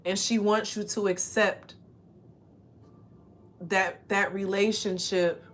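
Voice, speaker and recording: A woman with a middle-pitched voice leads an oracle card reading. She talks earnestly to the listener and calls them by fond names. She slows down and repeats phrases to drive them home. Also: flat delivery. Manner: earnest, speaks directly to the listener with endearments; repeats phrases slowly for emphasis. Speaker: spiritual card reader.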